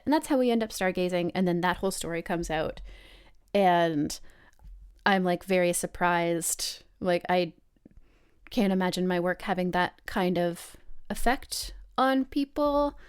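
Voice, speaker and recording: Woman player narrating her character in first person; smooth, clear tone, thoughtful, brightens for quoted lines. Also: measured pace. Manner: reflective, acts out quoted dialogue with lively pitch jumps. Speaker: player in a tabletop role-playing game.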